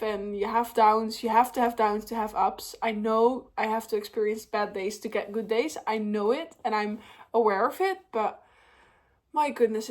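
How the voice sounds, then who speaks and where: A young woman talking openly to the camera at home in a casual vlog, tired and a little tearful, with many fillers. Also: fairly high pitch. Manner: open and emotional, many fillers. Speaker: vlogger.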